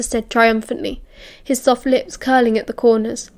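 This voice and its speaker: A young British woman reading an audiobook in a steady, measured narration. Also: fairly high pitch.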